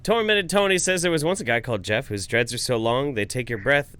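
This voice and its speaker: A man co-hosting a podcast in casual chat, reading out viewer comments, loud and animated, with frequent swearing. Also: mid-range voice, a little fast, clear, resonant tone. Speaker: podcast co-host.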